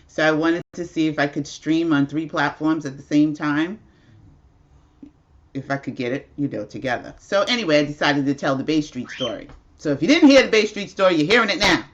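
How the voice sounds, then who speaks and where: A woman with a low voice hosts a laid-back livestream from home, rambling through a story and laughing frequently in a chatty way. The audio is dull.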